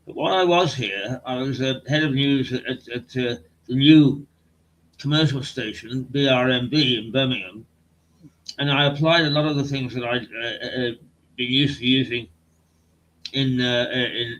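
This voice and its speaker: An older man hosting a casual online talk, telling stories in a halting, hesitant way. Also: medium pitch, a bit bright, poor audio. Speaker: host and journalist. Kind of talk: casual chat on a video stream.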